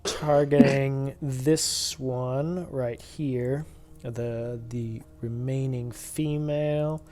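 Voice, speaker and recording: Man, dungeon master, slow halting narration, lots of uhs, middling pitch. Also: fairly even intonation, a little mellow, slight background noise. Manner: halting, full of uhs and ums. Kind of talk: narrating a tabletop game.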